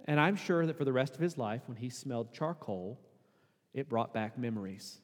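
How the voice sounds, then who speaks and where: A man preaching a sermon as pastor, conversational and casual, building to emphatic, louder peaks. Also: mid-range voice, moderate pace. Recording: long hall reverb.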